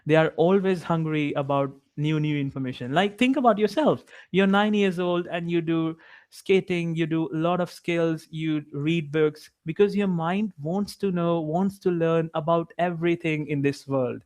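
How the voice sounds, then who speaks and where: A man's voice: on the high side, normal speed, a little mellow. A young man with an Indian English accent, an English tutor giving an upbeat, encouraging one-on-one lesson over a video call. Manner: encouraging, upbeat, many "like" fillers.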